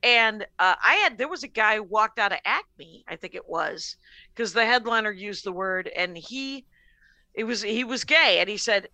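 A middle-aged woman comedian telling a story in a casual podcast chat, animated, laughing often and swearing freely. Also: mid-range voice, moderate pace, dry recording. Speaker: comedian guest.

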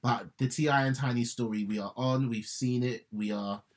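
A man co-hosting a podcast, animated in casual chat, laughing often and repeating himself. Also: mid-range voice, normal speed. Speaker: podcast co-host.

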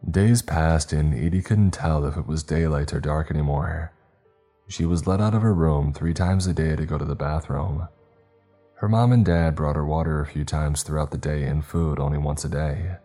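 A man narrating a story in a steady, measured reading. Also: a bass voice. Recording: faint background music.

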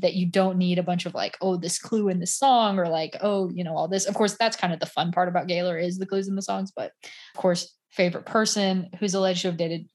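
A woman in casual podcast chat, telling stories in a chatty, animated way with many fillers. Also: lowish voice.

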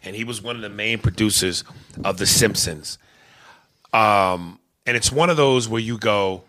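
A man co-hosting a podcast, chatting in an animated, opinionated way with some swearing. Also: on the low side, moderate pace. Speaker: podcast co-host. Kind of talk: casual chat.

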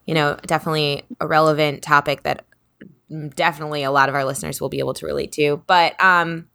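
A woman's voice: low-pitched, little pitch movement, quick pace, vocal fry, sharp tone, clear, resonant tone. A woman co-hosting a podcast, chatting casually in a bubbly way with lots of fillers and laughs. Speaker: podcast co-host.

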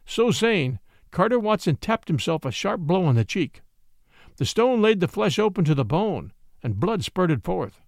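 Male storyteller, high lively voice, expressive audiobook read, dry close sound. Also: moderate pace, dry recording. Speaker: story narrator. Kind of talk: audiobook reading.

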